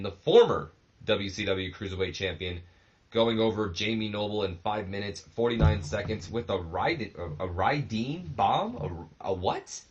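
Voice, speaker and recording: Brief: laid-back man hosting a game series, low and rambling, dull lo-fi audio. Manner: rambling, relaxed, many fillers. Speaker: host of a wrestling management game series. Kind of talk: casual gameplay commentary.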